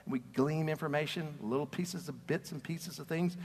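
A man's voice: a little high, normal speed, gravelly, husky. A man preaching a conversational sermon as pastor, earnest and storytelling, often repeating words as he starts a sentence. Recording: long reverb of a large hall.

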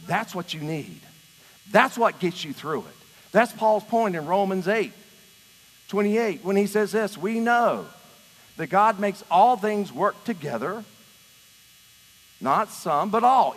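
A middle-aged man, a pastor giving a sermon, who swings between loud, emphatic preaching and low, hushed storytelling. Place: church sanctuary. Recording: long reverb of a large church room.

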